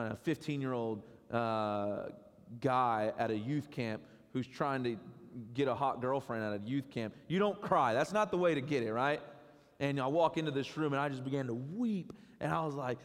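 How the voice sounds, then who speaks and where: A male pastor delivers a heartfelt sermon in a church sanctuary. His talk is casual and conversational, full of restarts and quick acted-out asides. His mid-range voice rings out with a long hall reverb. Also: mid-range voice. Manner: conversational and emotional, many restarts and quoted asides.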